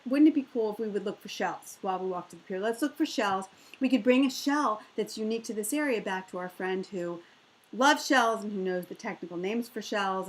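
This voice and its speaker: A middle-aged woman, a motivational speaker, telling a personal story in an animated way and acting out the voices of the people in it. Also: poor audio. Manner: animated, acts out quoted voices with big pitch jumps.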